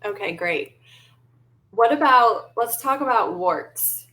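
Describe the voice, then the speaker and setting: A woman interviewing a guest, speaking in a friendly, conversational way, often pausing with ums. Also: fairly high pitch, animated, sharp tone. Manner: friendly, hesitant with many ums. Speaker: interviewer, store host.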